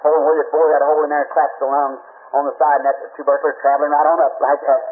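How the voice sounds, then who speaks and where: High-voiced preacher telling a story, tinny old tape. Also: male voice, little pitch movement, rapid-fire. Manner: emotional, acts out dialogue, repeats words. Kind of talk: sermon testimony storytelling. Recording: old tinny phone-like recording with faint hiss.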